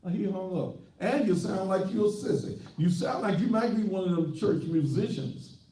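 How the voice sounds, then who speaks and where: A man's voice: high-pitched, lively intonation, moderate pace, mellow, recorded from a distance. Brash, boastful male pastor on air. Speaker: pastor hosting a call-in show. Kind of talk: call-in talk show rant. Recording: echoey room, voice from off the mic.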